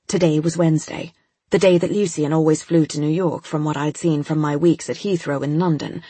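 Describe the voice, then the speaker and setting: A woman's voice: low voice, fairly even intonation, fairly quick, warm tone, husky, dry recording. A woman narrating a first-person audiobook in a tense, urgent manner.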